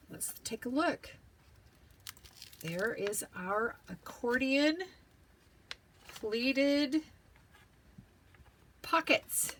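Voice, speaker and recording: A woman talks her way through a paper-craft tutorial at an unhurried crawl, her voice lively and bouncing in a fairly high register. She mutters and half-whispers to herself as she works and sounds a little hoarse. A clear background hiss sits under the recording. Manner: slow, chatty, talks to herself while working, drops to whispers. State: losing her voice, clearing throat.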